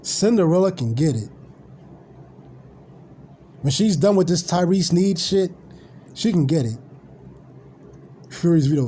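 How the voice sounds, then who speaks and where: A man's voice: on the high side, lively intonation, measured pace, pauses often, mellow, a little hiss or hum. A man ranting casually on a live stream, blunt, profane and rambling.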